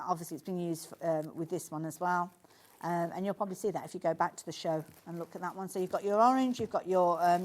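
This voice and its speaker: A woman with a Birmingham (Brummie) accent and a medium-pitched, slightly mellow voice presents sewing products on a live TV shopping channel. Her sales demonstration is chatty and enthusiastic, full of asides.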